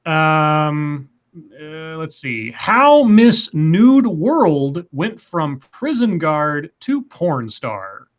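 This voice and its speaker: Higher-voiced man reading news wryly. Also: sing-song, drawn-out words. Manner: wry, reads stories aloud with asides. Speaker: podcast co-host. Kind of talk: casual news banter and reading.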